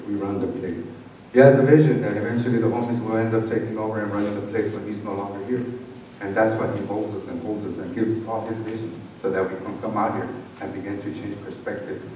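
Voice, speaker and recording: A man's voice: lowish voice, a little fast, slight background noise. Man giving testimony in an echoey hall. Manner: animated storyteller, acting out dialogue. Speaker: conference speaker. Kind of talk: personal testimony speech. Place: conference hall. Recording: echoey hall, mic far off.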